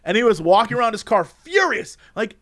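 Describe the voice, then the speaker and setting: A man tells a funny story in casual conversation, laughing often and acting out the people he quotes. His high voice is very animated, brisk, and a bit bright.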